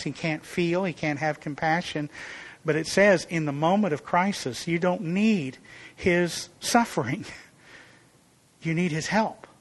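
Earnest and emphatic, a man delivers a sermon, raising his pitch and volume whenever he reaches an illustration.

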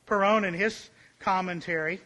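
A man preaching a sermon, stressing key phrases by repeating them and slowing down, with his voice falling softer at the ends of points. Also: high-pitched, fairly even intonation. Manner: emphatic, repeats key phrases, slows and drops to a hush for emphasis.

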